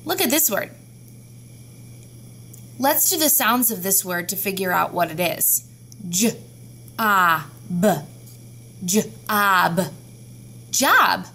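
Slow, patient woman teaching phonics. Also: a little high, pushed and bright. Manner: slow, patient, sounding out words. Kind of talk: classroom phonics lesson.

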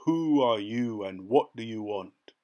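A great and terrible wizard in the form of a floating head, who proclaims slowly, loud and grand, as a man reading a storybook puts him on. He sounds fierce and commanding. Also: on the low side, lively intonation. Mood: imposing.

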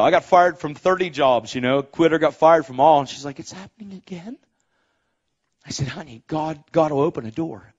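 Animated preaching man, lively pitch. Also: muffled recording. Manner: animated, acts out quoted voices; exhorting, rising to shouts. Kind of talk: sermon storytelling.

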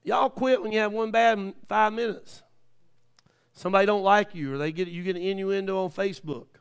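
A man in his fifties preaching a live church sermon, telling stories in a folksy way with many amens. He swings from quiet asides to shouted peaks. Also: high-pitched, fairly even intonation, fairly quick, clear, resonant tone. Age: 50s. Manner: folksy, with frequent amens and praise the lord.

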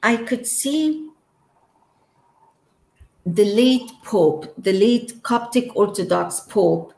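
Casting: woman guest, slow, heartfelt storytelling, roomy echo. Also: medium pitch, expressive, gravelly, a little mellow. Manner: emotional, trails off and laughs between phrases. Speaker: interview guest. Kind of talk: personal storytelling.

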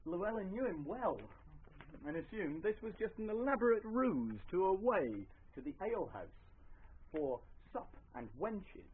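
A man's voice: high voice, very animated, a little slow, slight background noise. A man telling a folk tale live, with wry asides to his audience. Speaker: storyteller. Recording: lo-fi live recording, faint ambience.

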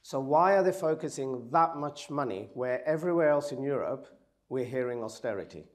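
A man with a croaky, hoarse voice from a cold, giving a conference presentation and joking with the audience. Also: mid-range voice, animated, moderate pace. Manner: jokey, talks to the audience directly. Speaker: event speaker.

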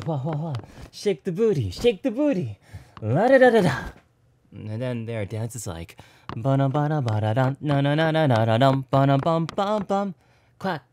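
A man's voice: on the low side, darkish tone, breathy edge, exaggerated voice. A man voicing a playful young boyfriend who rambles in a goofy, scatterbrained way and is out of breath, in a whispered role-play.

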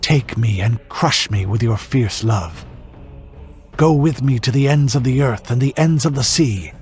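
A man's voice: medium pitch, measured pace, soft background music, natural voice. A man voicing a fierce, passionate young pirate queen in a dramatic story reading, with a commanding, ardent delivery. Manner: commanding, ardent, some lines hushed.

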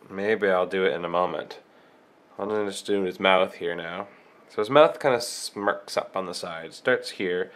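A man with a cold walks through a drawing step by step, thinking aloud as he works. His voice sits low, and he talks very slowly and without hurry. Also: creaky, fairly bright tone. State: has a cold. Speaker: drawing tutorial host.

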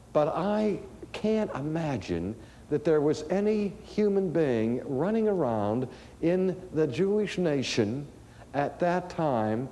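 A man preaching a sermon in a slow, deliberate way, building to raised emphasis. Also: a little high, dark tone. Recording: long hall reverb.

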